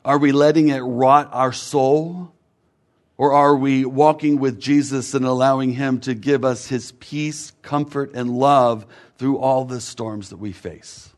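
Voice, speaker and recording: A man preaching a sermon in a measured way, building rhythmic lists whose last words fall away. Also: mid-range voice, fairly even intonation.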